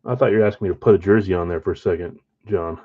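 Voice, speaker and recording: A man's voice: low-pitched, racing, a little mellow, slightly rough. Chatty self-mocking man, lo-fi stream. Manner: self-deprecating, chatty, talks to chat viewers. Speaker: live card break host. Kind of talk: casual live-stream chat. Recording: slightly dull lo-fi stream audio.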